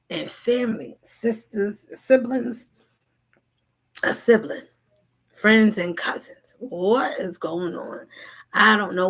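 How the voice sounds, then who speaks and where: Woman, low gravelly voice, spiritual host, rhythmic and repetitive, whispers and loud asides. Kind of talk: spoken spiritual message.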